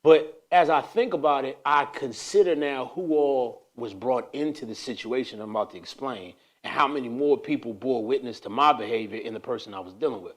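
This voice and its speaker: A man hosting a casual faith talk, telling a story with animated energy that slides into preaching. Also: mid-range voice, fairly quick, few pauses. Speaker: host.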